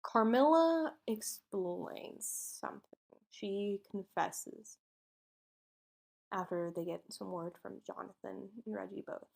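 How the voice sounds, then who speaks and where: A woman's voice: medium pitch, slow, creaky, a little mellow. A woman co-hosting a podcast, casually retelling a true-crime case and acting out its dialogue in informal speech. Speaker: podcast co-host telling a case.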